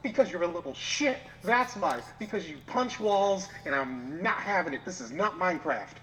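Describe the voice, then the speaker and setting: A man's voice: sits high, lively intonation, moderate pace, pushed and bright, slight background noise, low-quality recording. Rambling, playful man guest. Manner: rambling, self-correcting, playful. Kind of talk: casual chat.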